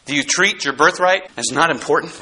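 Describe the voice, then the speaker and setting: Male preacher, high bright voice, folksy and fervent, repeats himself, surges to shouts. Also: fairly quick, slightly rough. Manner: fervent, swells into shouts on key points; folksy, repeats and restarts words. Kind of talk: sermon.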